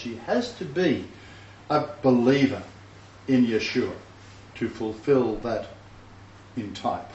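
A man's voice: mid-range voice, darkish tone, a little hiss or hum. A man preaching a sermon, reading scripture and speaking with fervent emphasis and scornful asides. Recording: roomy, distant, dull recording with faint ambience.

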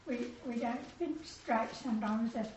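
A woman's voice: fairly high pitch, a little mellow, slight background noise. Thoughtful woman in a Bible study. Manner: thoughtful, halting. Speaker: Bible study group member. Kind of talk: casual group discussion. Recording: roomy, distant, dull sound.

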